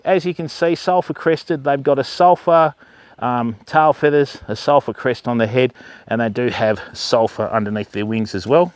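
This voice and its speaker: There's no echo on this medium-pitched male voice. He's an Australian livestream host at an outdoor wildlife park, talking with his viewers and calling out to the animals loudly.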